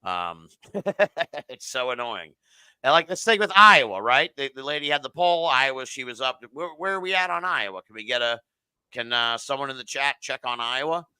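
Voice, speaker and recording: A man's voice: mid-range voice, animated, normal speed, pushed and bright, clean tone, no room sound. A man hosting a live podcast, chatting casually about election results, swearing freely and reading chat comments aloud. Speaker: podcast host.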